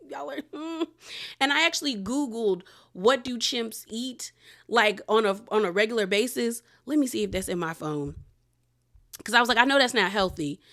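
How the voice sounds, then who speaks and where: A woman recapping a documentary in a chatty, animated way, exclaiming and laughing as she goes. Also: on the high side. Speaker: show reviewer. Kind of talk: casual recap.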